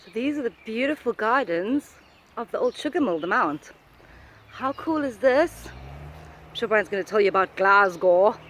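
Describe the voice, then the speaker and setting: A woman with a slightly high voice co-presents a travel vlog outdoors. She explains things to the camera in an upbeat, eager manner. Faint outdoor ambience runs underneath. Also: expressive, a bit bright, a little hiss or hum. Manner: upbeat, enthusiastic, quick to laugh. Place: outdoors on a garden estate.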